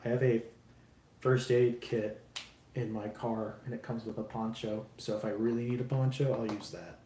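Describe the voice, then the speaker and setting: Working on a model kit during a live stream, this man speaks in a mellow, steady, mid-range voice at normal speed. He rambles, jokes at his own expense, and swears freely with viewers, in a roomy echo with faint background noise.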